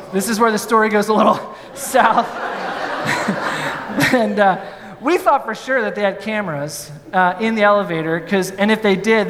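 Animated high-voiced male preacher in a hall. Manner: animated, playful, with laughs. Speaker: pastor. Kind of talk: storytelling sermon.

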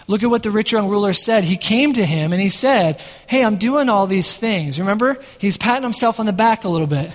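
A man preaching a sermon to his congregation in a church, energetic and often asking the room questions. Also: sits high, fast talker, hardly any pauses, in a large hall. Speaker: pastor. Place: church sanctuary. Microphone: headset microphone.

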